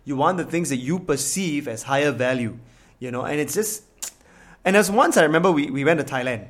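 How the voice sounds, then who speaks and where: A man with a Singaporean accent talks casually and candidly, stumbling over restarts and swearing as he goes. He sounds animated and unguarded, like a co-host telling stories from his younger days. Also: fairly high pitch, a little fast. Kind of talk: casual chat.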